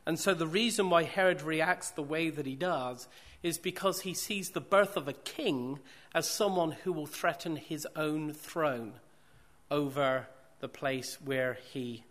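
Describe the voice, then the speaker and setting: A man's voice: fairly high pitch, measured pace, fairly bright tone. A man preaching a sermon, repeating phrases for emphasis and posing rhetorical questions to the congregation.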